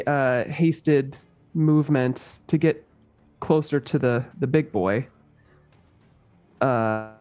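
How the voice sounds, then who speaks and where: A man playing a tabletop game, talking slowly in a halting way full of fillers and bursts of excitement. His voice is a little higher than usual for a man. The audio is muffled and lo-fi, with faint music behind him. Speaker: player. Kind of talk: casual tabletop game play.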